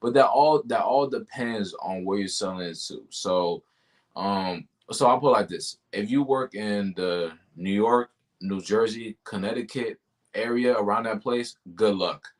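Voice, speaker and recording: A man's voice: fairly low pitch, a little slow. A man being interviewed about his sales job, talking casually and animatedly, full of slang like "yo" and "bro". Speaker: guest, tech sales rep.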